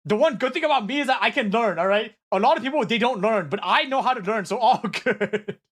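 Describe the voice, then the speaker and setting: Very high-voiced and brisk, this young streamer chats casually on a live stream about incoming viewer messages. Korean is his native language; he's excitable, says sorry, swears, laughs often and keeps restarting.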